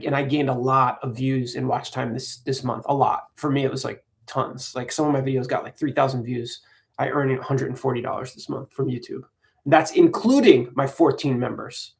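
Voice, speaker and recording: A man from the United States talks straight to his livestream viewers in a loose, rambling way. His voice has a gravelly, fry-tinged edge at a middle pitch. He sounds earnest and unscripted. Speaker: parody channel host. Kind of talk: casual livestream chat.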